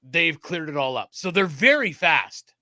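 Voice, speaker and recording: A man co-hosting a podcast in casual chat, animated, laughing often and swearing freely. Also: a little high, unhurried, dry recording, clean studio sound. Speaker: podcast co-host.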